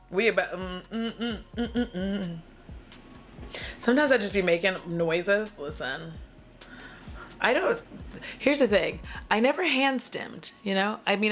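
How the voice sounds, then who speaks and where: A woman's voice: medium pitch, a bit bright. A woman beauty vlogger chatting casually at home about makeup, dramatic and profane, often trailing into little vocal noises. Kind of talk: casual chat reviewing makeup.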